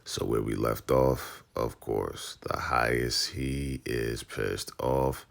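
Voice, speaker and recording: Deep, gravelly-voiced man recapping a show. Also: slow pace, few pauses. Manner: laid-back, slangy, animated storytelling. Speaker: TV recap vlogger. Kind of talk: casual episode recap.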